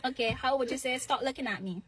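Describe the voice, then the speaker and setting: A woman's voice: high voice, quick pace, a bit bright, breathy edge. A woman from Barbados with a Barbadian accent, quizzing someone on slang and comparing phrases. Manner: quiz-like, asking and comparing phrases. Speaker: interviewer asking slang questions.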